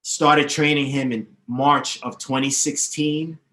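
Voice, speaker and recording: A man's voice: mid-range voice, fairly even intonation, slow pace, sharp tone. A man speaking as a guest in a podcast interview, confident and emphatic as he explains things at length. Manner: confident, emphatic, lists names and history. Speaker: guest, DJ teacher. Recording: roomy echoey sound.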